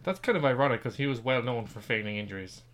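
Fast-talking Irish man, deadpan podcast co-host. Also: mid-range voice. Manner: blunt, deadpan hot takes. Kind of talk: casual podcast banter.

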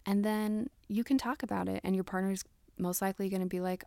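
A woman's voice: medium pitch, steady tone, fairly quick, gravelly, a little mellow, dry recording. A young woman hosting casual relationship advice talk, chatty with lots of fillers, acting out example conversations. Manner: chatty, many fillers like "like" and "you know", acts out example dialogue.

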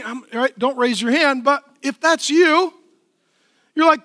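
Bright, high-voiced preaching man. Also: animated, slow pace, pauses often, dry recording, clean studio sound. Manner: impassioned preaching, swinging from loud pleas to quiet tenderness. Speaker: pastor. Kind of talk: sermon. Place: church.

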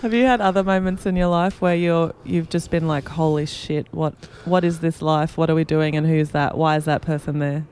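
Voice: medium pitch, fairly even intonation, moderate pace, few pauses, darkish tone, clear, resonant tone. A podcast host in casual chat, reacting with short, eager remarks.

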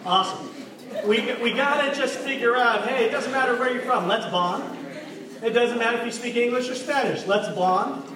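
A man's voice: very high-pitched, normal speed, crowd noise. A man preaching a sermon in a church, joking and asking the congregation questions. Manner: playful, jokes and asks the congregation questions. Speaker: pastor. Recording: echoey hall from far off, faint noise.

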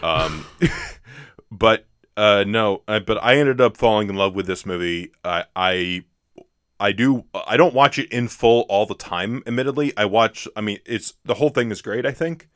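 A man co-hosting a podcast, chatting casually about films. He talks in a hesitant, halting way, with fillers and restarts. His voice is bright and a touch low, recorded dry and close. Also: no room sound. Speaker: podcast co-host. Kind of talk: casual chat.

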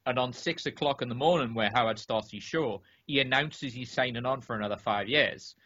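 Male podcaster, rambling animated storyteller, bright tone, dull lo-fi mic. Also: medium pitch, brisk, slightly rough. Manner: animated, rambling, many restarts and fillers. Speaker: podcast co-host or guest. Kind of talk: casual podcast chat, telling a story.

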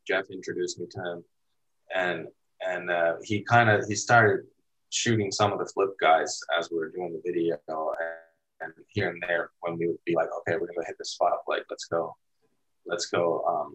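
A man's voice: deep voice, a bit bright, rough recording. A man from Finland, a guest in an interview, telling a long story casually with lots of "like" and "dude". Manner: laid-back, rambling, heavy use of "like" and "dude". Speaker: interview guest, photographer and former skater.

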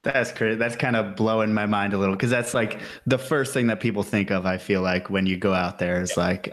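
Male host, low-pitched, casual, curious, conversational. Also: steady tone, a little fast, few pauses. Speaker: interviewer, host. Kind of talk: casual interview chat.

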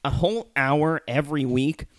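A man co-hosting a casual podcast, ranting heatedly with curses and at times shouting. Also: on the high side, moderate pace, noisy background. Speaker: podcast co-host. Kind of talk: casual profane chat.

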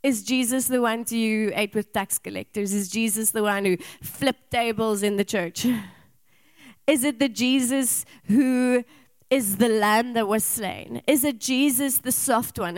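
A young adult woman preaches, building on rhetorical questions and slipping into personal stories. Her voice sits a little high. The sound is dry and close. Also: no room sound. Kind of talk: sermon.

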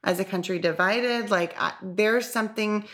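A chatty woman with a Southern US accent co-hosts a podcast. She talks casually and tells stories with lots of animation, acting out little exchanges as she goes. Her voice sits at an ordinary pitch for a woman. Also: moderate pace, fairly bright tone. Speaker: podcast co-host. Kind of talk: casual chat.

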